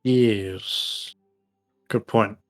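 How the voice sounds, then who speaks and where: A man's voice: on the low side, steady tone, very slow. A man at a tabletop game table talking casually with friends, his humor dry and sarcastic. Faint music plays behind him. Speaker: player. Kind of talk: casual chat between tabletop game turns.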